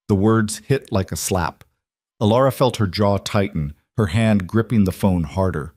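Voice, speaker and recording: Male narrator, measured story read, low voice, dry close mic. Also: darkish tone, no echo.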